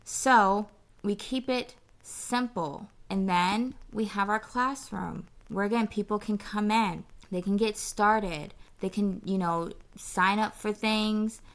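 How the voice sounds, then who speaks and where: Sassy gravelly-voiced woman coach. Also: mid-range voice, slow. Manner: sassy, playful, talks straight to the viewer with "honey" and "okay". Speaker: business coach. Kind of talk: casual direct-to-camera coaching pitch.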